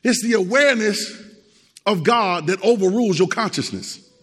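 A man's voice: sits high, expressive, normal speed, fairly bright tone, breathy edge. A man preaching a Sunday sermon, emphatic and repetitive, calling out to the congregation. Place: church. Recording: long church hall reverb.

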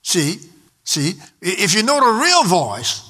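High animated preacher man. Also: takes it slowly, breathy edge. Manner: emphatic preaching, call-and-response with the congregation. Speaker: pastor. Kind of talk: sermon.

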